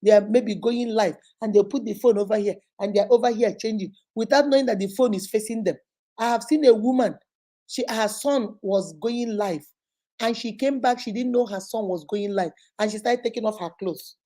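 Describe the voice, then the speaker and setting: A Nigerian woman talks straight to her viewers in a casual vlog, with a fairly high, mellow voice. She tells stories in a lively way, drops into other people's voices and keeps a chatty, exclaiming manner. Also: moderate pace. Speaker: online influencer host.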